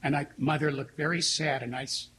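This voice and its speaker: Higher-voiced priest, earnest and reflective. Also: male voice, fairly even intonation, pushed and bright, slight background noise, rough recording. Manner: earnest, reflective storytelling with slow pauses. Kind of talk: sermon.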